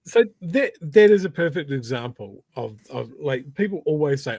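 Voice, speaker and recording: A man with a New Zealand accent co-hosting a political podcast, animated and swearing, with stumbling restarts. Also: fairly high pitch, normal speed, no echo. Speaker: podcast co-host. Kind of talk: casual political chat.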